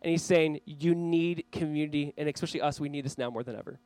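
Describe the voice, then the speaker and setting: Earnest pastor with a fairly high voice. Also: male voice, quick pace, a little mellow, no echo, low-quality recording. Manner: earnest, urging the listeners directly. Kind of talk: sermon. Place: church, speaking to a camera for online viewers.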